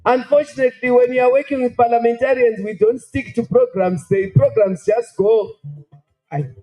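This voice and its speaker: A man's voice: extremely high pitch, fairly even intonation, normal speed, mellow, faint music behind, rough recording. A man with a Zimbabwean accent, an event MC coaxing parliament members back into a hotel conference room. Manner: coaxing, chatty appeals to the room. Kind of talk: calling people back to a formal event.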